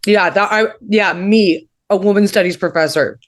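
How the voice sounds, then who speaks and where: A woman's voice: medium pitch, moderate pace. Candid laughing woman comedian. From Canada. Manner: candid, laughing, many fillers. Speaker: comedian guest. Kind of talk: casual comedic chat.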